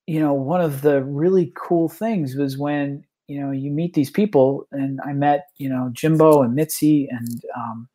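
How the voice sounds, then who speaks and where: A man talking casually as a podcast guest, rambling with many restarts and fillers, and getting animated as he retells stories. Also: fairly high pitch, a little slow, few pauses. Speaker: tabletop tournament organizer, guest.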